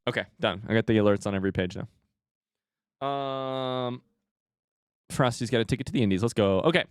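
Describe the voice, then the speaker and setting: A young adult man hosting a casual live stream, talking to chat and swinging from hushed remarks to loud excited outbursts. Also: medium pitch, a little fast, clear, resonant tone, dry recording. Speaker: streamer host.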